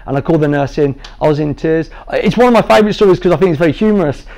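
Man, thirties, slightly high gravelly voice, light self-mocking storyteller to a room of trainees. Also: rapid-fire, warm tone. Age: 30s. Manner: jovial, self-deprecating, makes light of things. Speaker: guest speaker sharing his patient story. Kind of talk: humorous personal storytelling to a training group.

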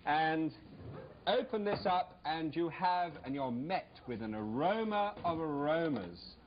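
A man's voice: fairly high pitch, lively intonation, slow pace. A man hosting a cooking show in a TV studio kitchen, demonstrating a recipe in a chatty, jokey, rambling way with playful asides to a live audience. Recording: dull lo-fi vintage TV recording.

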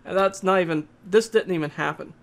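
A man giving a casual, halting spoken movie review, often pausing and restarting his sentences. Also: sits high, fairly bright tone. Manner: plain, halting, with frequent uhs and restarts.

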